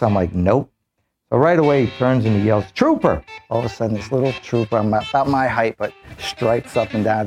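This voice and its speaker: A man, a police officer, telling an animated story and acting out the voices of the people in it. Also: fairly low pitch.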